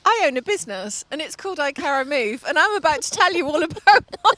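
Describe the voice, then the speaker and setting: A middle-aged woman co-hosting a studio chat show, telling stories in a lively way and laughing often. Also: high-pitched, quick pace. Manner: lively storyteller, laughs often, acts out voices. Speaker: TV show co-host and fitness business owner. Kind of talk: chatty anecdote on a studio show.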